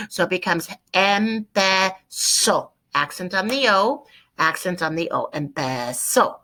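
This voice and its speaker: Woman, Spanish teacher, recorded lesson, bright tone, step-by-step explaining, spells out words. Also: mid-range voice, poor audio. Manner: explains step by step, repeats key points.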